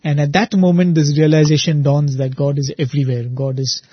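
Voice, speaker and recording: A man retelling a devotional saint story in a relaxed, conversational way, often pausing with "you know" and "uh". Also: a little high, husky, dry recording, muffled recording. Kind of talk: spiritual storytelling talk.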